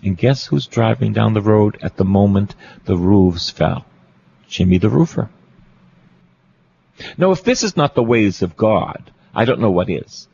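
A man's voice: fairly low pitch, lively intonation, unhurried, vocal fry, darkish tone, husky, lo-fi sound. A Catholic priest, a man, preaching a storytelling sermon, repeating phrases for emphasis and asking his listeners questions.

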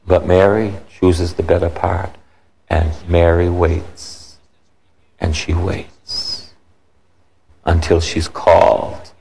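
A man preaching a sermon in an animated way, with his voice jumping high when he retells scenes. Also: slow, vocal fry, pauses often, a little hiss or hum. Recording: long reverb in a large hall.

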